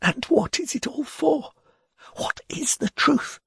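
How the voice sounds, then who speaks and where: A man's voice: very high voice, sing-song, slow pace, creaky, fairly bright tone, no echo, studio quality, pitched above the performer's own voice, exaggerated voice. A man voicing a frightened, embittered court poet who speaks in an anxious, quavering way. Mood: fervent whisper.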